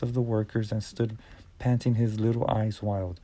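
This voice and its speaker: Guy reading an audiobook, low dark mellow voice, dry close sound. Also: flat delivery. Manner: measured reading with small stumbles and restarts. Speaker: audiobook narrator. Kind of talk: audiobook narration.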